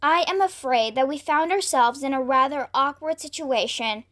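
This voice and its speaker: A woman's voice: high voice, moderate pace, fairly bright tone. A woman voicing a kindly old male grasshopper who leads and reassures the others, in a storybook reading. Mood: reassuring. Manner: cheerful, reassuring.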